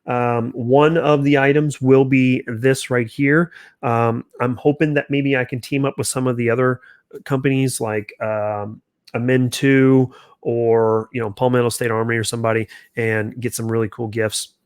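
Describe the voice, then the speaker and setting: A man's voice: mid-range voice, little pitch movement, normal speed, clean tone, no room sound, clean studio sound. A man hosting a casual livestream, chatting loosely with viewers, restarting sentences and reacting to their comments. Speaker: channel host.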